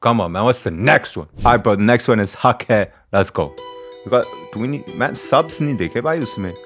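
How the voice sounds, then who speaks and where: A man with an Indian English accent hosting a casual music reaction, excitable, swearing and laughing often. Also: medium pitch, rapid-fire. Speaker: reaction video host.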